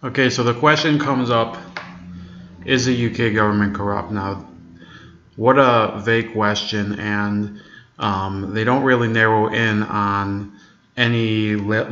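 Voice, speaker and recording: A man's voice: on the low side, fairly bright tone. A man hosting a casual commentary on news clips, rambling and full of fillers and restarts. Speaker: commentary host. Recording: echoey room, dull lo-fi sound.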